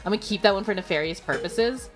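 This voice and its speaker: A woman streamer chats casually with her viewers in a mid-range voice, talking fast over soft background music. She giggles often and packs her speech with fillers like "like" and "you know."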